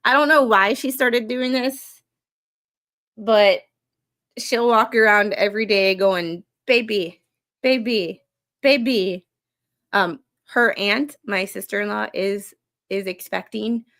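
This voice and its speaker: A woman's voice: medium pitch, fairly even intonation, slow, a bit bright. Chatty, easygoing woman streamer who laughs often. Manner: laid-back and chatty, laughs often, wanders off on tangents. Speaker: streamer hosting a live reaction show. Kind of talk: casual live-stream chat, reading stories and greeting viewers. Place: at home, late at night. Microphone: streaming microphone.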